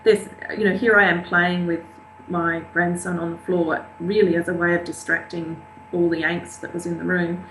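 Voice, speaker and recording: A woman's voice: on the low side, little pitch movement, moderate pace, a bit bright. A woman, an interview guest, candidly and earnestly recounting a painful family event. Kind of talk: personal storytelling. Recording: roomy, echoey with faint hum.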